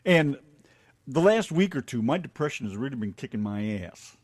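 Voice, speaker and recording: An American man co-hosting a casual online radio show, joking and teasing with loud laughs. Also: mid-range voice, very animated, moderate pace, breathy edge, no room sound. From United States. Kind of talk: casual banter with co-host and chat.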